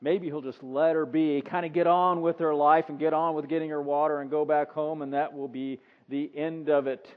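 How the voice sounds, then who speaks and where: Fairly high-voiced male preacher. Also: level tone, moderate pace, hardly any pauses. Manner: conversational, acts out the scene in voices. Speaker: pastor. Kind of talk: sermon. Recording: dull sound with long reverb.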